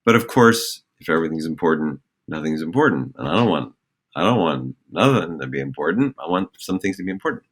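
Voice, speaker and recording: Man, very low voice, middle-aged, theater director, reflective, hesitant, conversational. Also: very animated, a little fast, husky. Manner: reflective, many fillers and restarts, acts out joke voices. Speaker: theater director and acting coach. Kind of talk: conversational podcast explanation.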